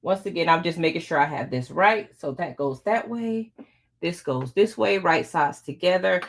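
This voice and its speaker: A woman's voice: fairly low pitch, lively intonation, moderate pace, creaky. A middle-aged woman hosting a casual live quilting tutorial, chatting with her viewers as she sews. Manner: chatty, talks to viewers while working. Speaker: quilting channel host.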